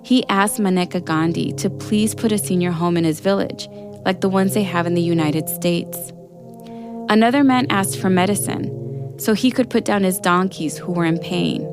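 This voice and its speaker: A woman narrates a podcast story in a calm, scripted way. Her voice sits fairly low for a woman. A music score plays clearly beneath her. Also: normal speed.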